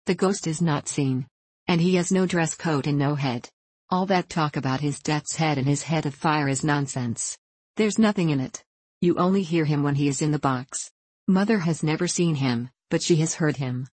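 A superstitious young ballet girl whispers a frightening secret in an anxious, hushed way, as a woman reads her lines aloud. The voice sits low, and the recording is close and dry with no room around it. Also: normal speed, slightly rough, no room sound. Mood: hushed, fearful.

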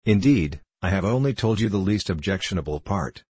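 A man's voice: sits low, animated, fairly quick, darkish tone, breathy edge, no echo. A man reading the part of a hearty young man who tells exaggerated horror stories with theatrical relish. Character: boisterous gossiping young English man, fond of tall tales.

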